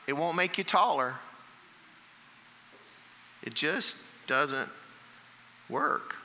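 Male pastor, sermon delivery, strongly bright tone, long hall reverb around him. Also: on the high side, a little hiss or hum. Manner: preaching with rising emphasis and scripture reading.

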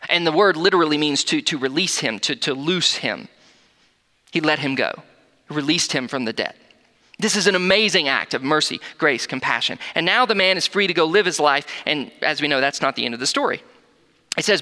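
A male pastor delivers a sermon with earnest, animated energy, restarting phrases and repeating words as he goes. His voice is bright and sits a bit high for a man. The recording carries a long, echoing hall reverb. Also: fairly quick.

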